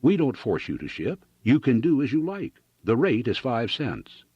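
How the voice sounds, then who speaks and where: A man's voice: mid-range voice, big pitch swings, normal speed, breathy edge, no room sound, muffled recording, voice pushed up. A man voicing a dogged railroad clerk who answers bluntly and stubbornly. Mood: curt.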